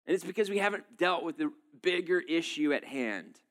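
A male pastor in his thirties delivers a sermon in loose, conversational style, leaning on fillers and quick asides. His voice sits a little higher than most men's. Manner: casual, animated preaching with many fillers.

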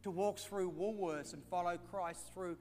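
A middle-aged Australian pastor with a high, steady, slightly mellow voice preaches unhurriedly. He tells folksy stories and calls listeners mate and friends, recorded in an echoey hall with a faint hum.

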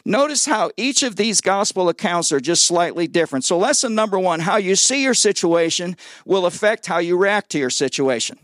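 A man preaching a sermon in a high voice, recorded dry and close. He mixes scripture reading with jokes. He often trips over repeated words and asks the congregation to answer him. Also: moderate pace, hardly any pauses, no room sound. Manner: lively and joking, calls on the congregation for responses; stumbles and repeats words when excited. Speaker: guest pastor. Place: church service before a congregation.

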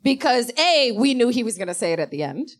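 Animated laughing woman telling stories. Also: a little high, a little fast. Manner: animated, laughs often, acts out voices in her stories. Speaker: comedy writer and guest storyteller. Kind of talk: casual comedic storytelling before a live audience.

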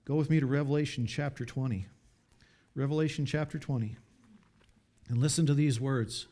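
A man preaching a sermon, reading scripture aloud and commenting, with dramatic swings from hushed pleas to loud appeals. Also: mid-range voice, fairly even intonation, moderate pace.

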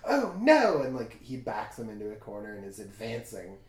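A man's voice: fairly low pitch, fairly even intonation, a little fast, darkish tone. Roomy-sounding man rambling casually. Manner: rambling, filler-heavy, full of "like". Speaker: podcast co-host. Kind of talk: casual chat recapping a TV episode. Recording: echoey room.

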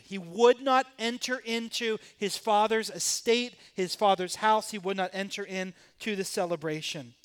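A man's voice: high-pitched, fairly bright tone. A man preaching a sermon in a church, voicing the father and sons in the story with dramatic emphasis. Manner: dramatic, acts out the sons' and father's words. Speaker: pastor. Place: church sanctuary.

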